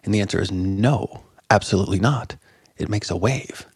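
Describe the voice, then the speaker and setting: A man in his fifties, a guest in an interview, telling animated stories about meditation and laughing often. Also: fairly low pitch, normal speed, husky, dry recording, clean studio sound. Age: 50s. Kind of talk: conversational interview.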